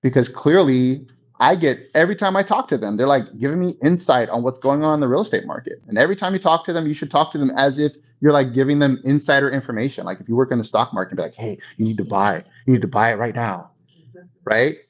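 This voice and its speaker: A man talks through real estate coaching in a loose, conversational way, checking in with his listeners as he goes. His voice sits at a middling pitch. The recording is dull and lo-fi. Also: expressive, fast. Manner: conversational, checks in with 'okay?' and 'right?'. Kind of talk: coaching talk.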